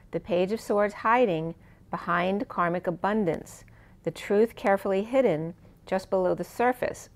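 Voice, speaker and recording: A woman with a slightly low voice walks through a spiritual tarot reading. She speaks softly and meanders, letting her phrases trail away, and her voice is wearing thin. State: losing her voice. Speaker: tarot reader.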